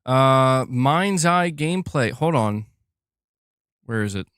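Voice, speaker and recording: A man's voice: mid-range voice, animated, slow, a bit bright, clear, resonant tone, dry recording, studio quality. A man hosting a casual livestream, joking, laughing often and rambling as he reads chat. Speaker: livestream host.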